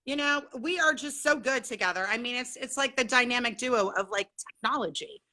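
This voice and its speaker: A bubbly, talkative middle-aged woman from Southern California hosts a casual livestream from home, greeting viewers by name. Her fairly high voice is pushed and bright, and she talks briskly.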